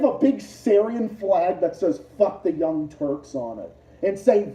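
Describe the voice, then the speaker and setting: A man hosts a casual livestream and rants in a profane, combative way. He circles back over the same points, flaring up loudly and then dropping to low mutters. His voice sounds very dark and mellow, and it comes through a dull, roomy recording with a lot of echo. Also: sing-song, moderate pace. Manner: profane, combative, repetitive ranting that swings between loud outbursts and low mutters. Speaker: livestream host. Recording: muffled, roomy, distant lo-fi mic.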